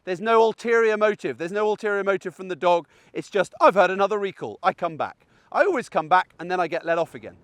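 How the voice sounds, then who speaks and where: A man's voice: sits high, a bit bright, no room sound. A middle-aged man, a dog trainer, explaining recall training in a chatty, conversational way while out on a walk. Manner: chatty and explanatory, checks in with "okay?". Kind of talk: outdoor training tutorial. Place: outdoors in a field on a dog walk.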